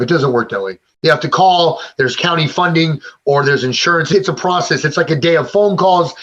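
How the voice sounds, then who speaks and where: A man's voice: fairly high pitch, brisk, a bit bright. A man in his forties, interviewed, telling his own story in a blunt, emotional way and cursing often. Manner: raw, blunt and emotional, with frequent profanity. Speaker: interviewee, former gang member in recovery. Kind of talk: candid personal storytelling. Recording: slightly dull lo-fi sound.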